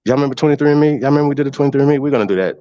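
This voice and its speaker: A man's voice: mid-range voice, rapid-fire, warm tone, dry recording, lo-fi sound. A man hosting a casual livestream, mocking and profane, laughing often. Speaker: host.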